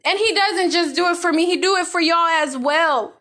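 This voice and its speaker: Very high-voiced woman, fervent praise. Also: normal speed, bright, forceful tone. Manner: fervent, repeating praise phrases, voice breaking with emotion. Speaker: vlogger giving a faith testimony. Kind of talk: emotional religious testimony.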